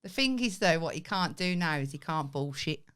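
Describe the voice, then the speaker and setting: A woman's voice: low voice, lively intonation, normal speed, fairly bright tone, smooth. A young woman co-hosting a casual podcast with her partner, teasing him in a giggly, playful way. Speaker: podcast co-host. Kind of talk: casual couple's podcast chat.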